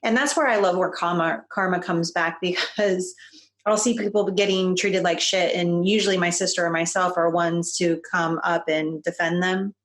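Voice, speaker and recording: Podcast guest lady, lowish voice, fired up and opinionated. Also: fairly even intonation, moderate pace. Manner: emphatic, opinionated. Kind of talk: casual conversation.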